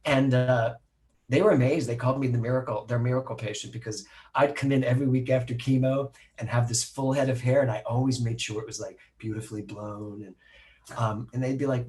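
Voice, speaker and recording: A middle-aged man, a minister, telling a personal story to a live audience, animated and acting out the voices of the people he quotes. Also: mid-range voice, brisk. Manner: animated, acts out quoted voices, laughs at himself.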